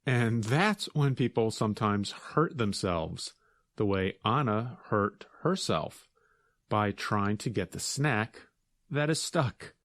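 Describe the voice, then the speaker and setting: A man hosting an English learning podcast, explaining words in a deliberate, carefully enunciated way. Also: fairly low pitch, lively intonation, a bit bright, no echo, clean studio sound. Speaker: podcast host, English teacher. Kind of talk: slow, clear teaching explanation.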